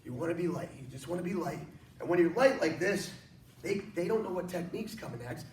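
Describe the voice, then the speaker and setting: A high-voiced man teaching an online martial arts class from his studio, energetic and joking as he coaches. The room is echoey and he stands well back from the mic. A faint hiss sits under the voice. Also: fast talker, distant mic. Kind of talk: online workout class instruction.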